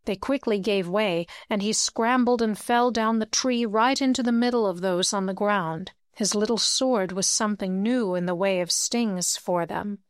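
Smooth, dry-voiced woman narrating. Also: medium pitch, moderate pace, few pauses, dry recording. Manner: steady storytelling, lifts her voice for dialogue. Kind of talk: audiobook reading.

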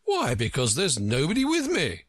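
A man's voice: fairly high pitch, huge pitch swings, normal speed, fairly bright tone, no room sound, pitched above the performer's own voice, heavily acted. Humpty Dumpty, a pompous huffy egg, voiced by a man. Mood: haughty. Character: pompous touchy egg-shaped man on a wall. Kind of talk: storybook reading.

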